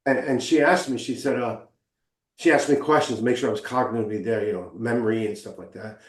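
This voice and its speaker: A man's voice: mid-range voice, fairly even intonation, fast. A man telling a personal story as a guest in a conversation, earnest and emotional, acting out the dialogue he recounts. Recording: roomy echo.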